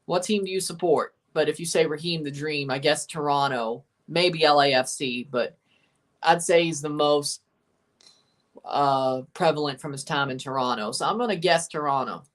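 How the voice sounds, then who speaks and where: A Southern-accented man from Mississippi hosts a casual livestream watchalong, chatting with viewers and answering chat messages in an opinionated, rambling way. His voice sits a little high and a bit bright, at a normal speed.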